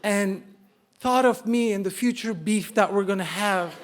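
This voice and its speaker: A man's voice: high voice, a little slow, a little hiss or hum. A man in his forties from Turkey with a Turkish accent, telling a funny personal story live on stage, self-mocking and building to punchlines. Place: live stage before an audience.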